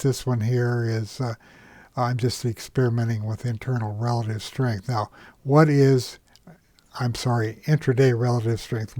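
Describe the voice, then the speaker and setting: Male instructor, mid-pitched, for a dry-miked screen tutorial; slow, halting delivery full of "uh" pauses. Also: darkish tone, no room sound. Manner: unhurried, many "uh" pauses and self-corrections. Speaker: trading software instructor. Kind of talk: screen-share software tutorial.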